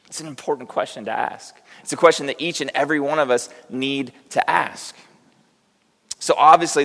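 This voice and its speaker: A medium-pitched male voice with a fairly bright tone belongs to a middle-aged pastor preaching conversationally in a church sanctuary. Between direct questions to the congregation, he tells stories that make fun of himself. The recording carries a long hall reverb.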